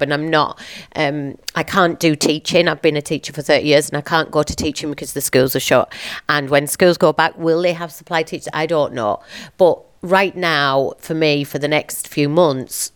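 A woman in her fifties, a business owner and teacher, speaking to camera in an emotional, halting, heartfelt way. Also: sits low, clear, resonant tone. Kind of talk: personal confessional vlog.

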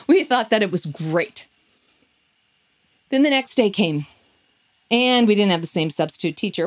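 A woman preaching a sermon through a personal story, told in an animated way with frequent laughs. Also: on the high side.

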